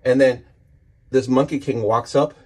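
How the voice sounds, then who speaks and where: A man with a husky, somewhat breathy voice in a middle register talks through a comic book page by page. He is eager and rambling, and he often trips over his words and starts his sentences again. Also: mid-range voice, fairly even intonation, measured pace. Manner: enthusiastic, rambling with restarts. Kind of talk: casual comic book walkthrough.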